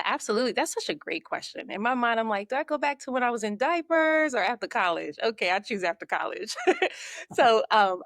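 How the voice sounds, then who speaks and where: A woman, a podcast guest and marketing coach, telling her story in a lively way and acting out her own thoughts. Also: medium pitch, dry recording, studio quality. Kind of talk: conversational storytelling.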